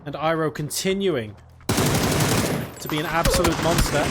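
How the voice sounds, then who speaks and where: A male esports caster with a high, bright-edged voice calls the match live, talking fast and leaping up in excitement on big plays. He speaks close into a headset mic. Game gunfire and clicks sound clearly behind him. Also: very noisy. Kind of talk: live play-by-play commentary.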